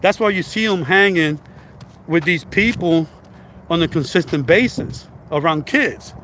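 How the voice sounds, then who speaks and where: A man's voice: on the high side, lively intonation, unhurried, a bit bright, a little hiss or hum. Blunt, rambling man vlogging outdoors. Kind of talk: casual commentary.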